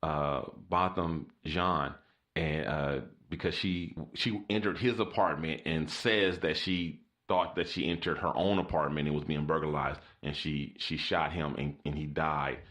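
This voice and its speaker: A man hosting a casual podcast chat, recounting news stories in an animated way and laughing often. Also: rumbling low, a little slow. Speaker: podcast host.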